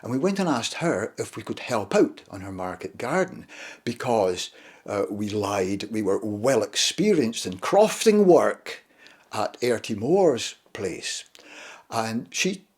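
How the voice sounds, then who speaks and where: Husky older man telling stories. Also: fairly low pitch, big pitch swings. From Shetland. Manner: unhurried, fond retelling of childhood memories. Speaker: storyteller. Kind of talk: casual spoken storytelling.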